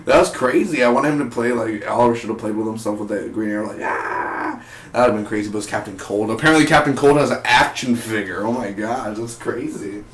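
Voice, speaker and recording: A young man reviewing a TV episode in a rambling, animated way, acting out characters' lines. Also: fairly low pitch, quick pace, hardly any pauses. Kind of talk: casual review vlog. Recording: echoey room, distant mic, faint hum.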